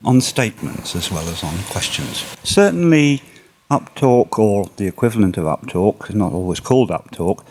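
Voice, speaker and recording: A man's voice: fairly low pitch, lively intonation, moderate pace, darkish tone, a little hiss or hum. A man, a linguist, giving careful academic explanations in an interview. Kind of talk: expert interview.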